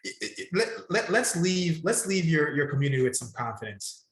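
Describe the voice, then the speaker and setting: A man's voice: on the high side, very animated, a little fast, a bit bright. Emphatic coaching man, echoey room. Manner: emphatic, coaching, repeats key points. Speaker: podcast guest, salon business coach. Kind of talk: casual podcast conversation.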